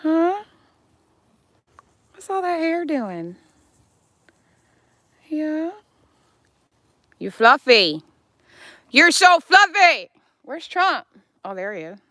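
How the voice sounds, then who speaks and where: Give me a slow-talking woman doing affectionate baby talk to her animals on a live stream, fairly high voice. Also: very animated, pushed and bright, no room sound, studio quality.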